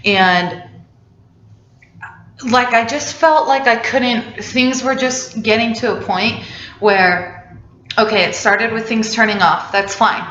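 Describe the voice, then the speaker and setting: A woman's voice: a little high, takes it slowly, long pauses, a bit bright, a little hiss or hum. Young woman, casual storytelling, chatty with lots of fillers, roomy echo, slightly muffled sound. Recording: roomy, slightly dull recording.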